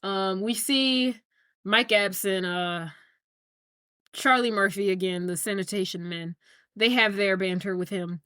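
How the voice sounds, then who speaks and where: A woman's voice: medium pitch, unhurried, fairly bright tone, clean tone, dry recording, studio quality. A woman podcast co-host retelling a movie scene in casual chat, acting out the characters' lines.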